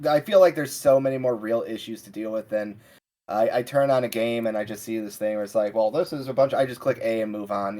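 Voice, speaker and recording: A man's voice: medium pitch, warm tone. A man hosting a casual podcast, easygoing and rambling, circling back through his thoughts before landing a point. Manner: rambling, many fillers and restarts, easygoing. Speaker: podcast host.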